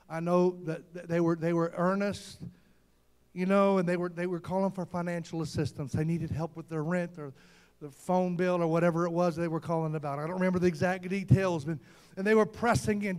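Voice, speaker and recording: A man preaching a fervent sermon, calling out to the congregation and often shouting. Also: high-pitched. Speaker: pastor.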